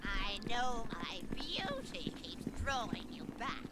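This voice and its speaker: An actress voicing a vain, haughty sorceress in a video game, heard as faint game audio. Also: female voice, a little high, huge pitch swings, takes it slowly, bright, forceful tone, heavily acted. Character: vain beautiful sorceress woman.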